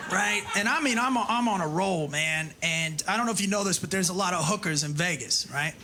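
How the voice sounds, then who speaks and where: A man's voice: high-pitched, moderate pace, long pauses, very noisy. A male stand-up comedian telling a story in a brash, profane way, tagging his lines with "right?".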